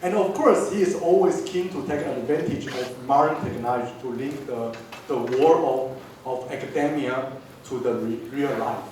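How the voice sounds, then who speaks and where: Male event host, halting intro, faint room noise, distant in echoey hall. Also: medium pitch, a little mellow. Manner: halting, with restarts. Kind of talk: formal introduction. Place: large lecture hall.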